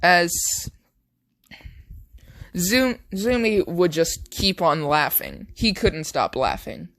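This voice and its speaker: A man's voice: sits high, animated, slow, fairly bright tone, dry recording. A young man casually narrating an improvised fan story, rambling with many fillers.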